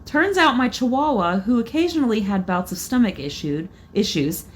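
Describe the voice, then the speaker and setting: A woman co-hosting a podcast, reading listener stories aloud in a casual, expressive way. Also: a little high, normal speed, a little hiss or hum. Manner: laughs often, expressive. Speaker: podcast co-host.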